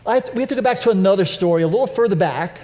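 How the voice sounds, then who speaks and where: Man, pastor, high voice, conversational sermon, animated, self-deprecating humor, church. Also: very fast. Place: church sanctuary.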